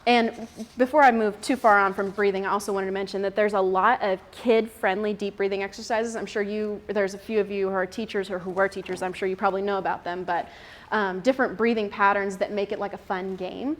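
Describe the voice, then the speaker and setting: A woman's voice: mid-range voice, fairly even intonation, brisk. A young woman giving a casual, chatty talk to a mothers' group, laughing often and using many fillers.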